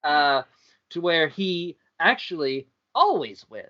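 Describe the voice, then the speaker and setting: Slow, halting man telling a story. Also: fairly high pitch, sing-song, bright, forceful tone. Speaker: podcast co-host. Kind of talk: casual playful chat. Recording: dull lo-fi audio.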